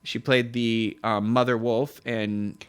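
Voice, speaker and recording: Smooth-voiced man chatting about movie news. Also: slow. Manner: rambling, self-correcting, jumps up in pitch when excited. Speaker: podcast co-host. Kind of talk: casual pop-culture news chat.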